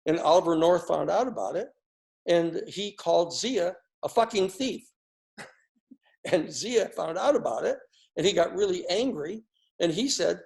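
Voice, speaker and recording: A man's voice: high-pitched, moderate pace, gravelly, darkish tone. An older man from the United States giving a rambling, sarcastic political commentary, full of fillers and restarts. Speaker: speaker giving a political talk. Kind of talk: casual spoken commentary.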